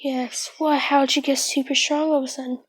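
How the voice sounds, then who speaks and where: Woman playing a brash teen rival boy, blunt, high and flat delivery. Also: normal speed, dry recording, natural voice. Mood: suspicious.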